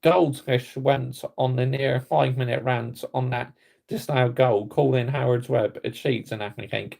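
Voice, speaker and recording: A man's voice: medium pitch, fairly even intonation, normal speed, vocal fry, a little mellow. A man from Somerset with a West Country accent, hosting his own football fan channel and delivering an indignant, blunt reaction rant. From Somerset, England. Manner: indignant, blunt, repetitive catchphrases. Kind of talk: ranting reaction vlog.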